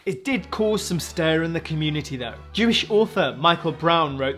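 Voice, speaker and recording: A man's voice: a little high, normal speed, hardly any pauses, bright, forceful tone, faint music behind. A man in his twenties, a junior doctor and comedian, hosting a comic science news roundup with sarcastic asides. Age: 20s.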